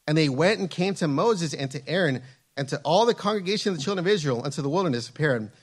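Fervent male preacher, higher-pitched. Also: expressive, fast, breathy edge. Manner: fervent preaching, repeats phrases, reads scripture aloud. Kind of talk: sermon.

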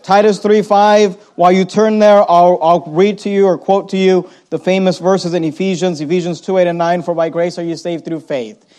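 A man preaching a sermon as pastor, reading scripture aloud and slowing down to stress key words. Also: sits high, fairly even intonation, a little mellow. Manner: reads scripture aloud, slows down for emphasis.

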